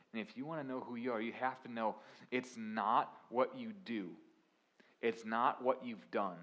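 A young man preaching a sermon, swinging from quiet confessional lines to loud, emphatic preaching. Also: lowish voice. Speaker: pastor.

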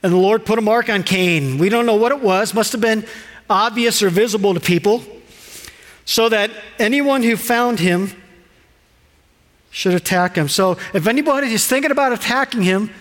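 A male pastor preaching a sermon with animated delivery, asking rhetorical questions and acting out quoted lines. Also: sits high, normal speed. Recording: reverberant hall.

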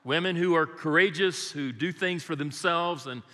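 A great-grandfather serving as guest preacher prays and shares homespun, funny family stories during a church sermon. His fairly high voice is bright and forceful at a normal speed, and the big hall gives it a long echo.

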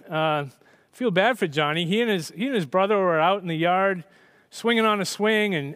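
A man's voice: sits high, fairly bright tone, clean tone, no echo, studio quality. A man, a pastor, preaching a sermon and telling a story in a conversational way with frequent restarts.

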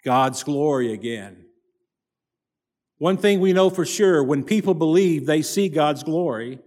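His voice on the high side and trailed by long reverb, a male pastor preaches emphatically in a church sanctuary, using repetition to press each point.

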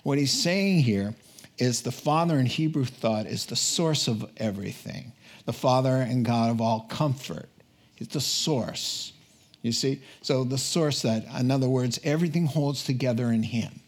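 A man preaching a sermon in a conversational, animated storytelling way. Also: mid-range voice, a little slow. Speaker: pastor.

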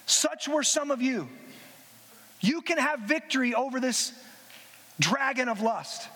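A man preaching a sermon, speaking emphatically with drawn-out phrases and casual asides to the congregation. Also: very high-pitched, lively intonation, pushed and bright. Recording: reverberant hall.

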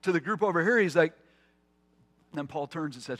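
A man's voice: on the high side, animated, normal speed, long pauses, fairly bright tone. A man preaching a conversational sermon as pastor, with asides and restarts. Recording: long hall reverb.

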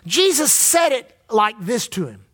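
High-voiced preaching pastor, man. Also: very animated, unhurried, a bit bright, husky. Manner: preaching with call-and-response to the congregation. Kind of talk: sermon. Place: church.

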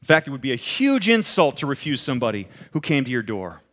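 A man's voice: mid-range voice, quick pace. A man preaching a sermon, telling stories in a conversational way and acting out quoted voices. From American Midwest. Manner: animated storytelling, acts out quoted voices, chuckles. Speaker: pastor.

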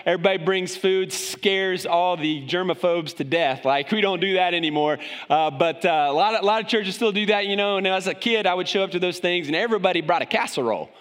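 Pastor, male, high voice, joking folksy preacher, big hall reverb. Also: a bit bright. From moved to Tennessee. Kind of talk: sermon. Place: church sanctuary.

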